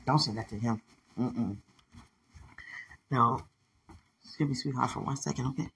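A woman's voice: extremely low pitch, moderate pace, gravelly, long pauses, fairly bright tone, low-quality recording. A woman hosting a podcast, talking in a rambling, emotional way and laughing often as she speaks to someone who isn't there. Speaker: podcast host. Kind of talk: casual spoken monologue.

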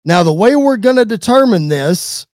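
A man narrating an imagined wrestling show in an excitable play-by-play announcer's manner. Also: high-pitched, normal speed, no echo, clean studio sound.

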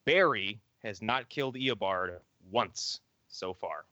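A man co-hosting a podcast, chatting casually about comics and TV and acting out quotes with lively energy. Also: lowish voice, takes it slowly, no room sound, lo-fi sound. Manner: animated, acts out quoted characters. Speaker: podcast co-host.

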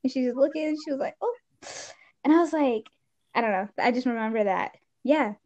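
A lively teenage girl chatting casually, full of exclamations and quick asides. Her voice sits on the high side. The recording sounds muffled and lo-fi. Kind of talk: casual chat. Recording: dull lo-fi sound.

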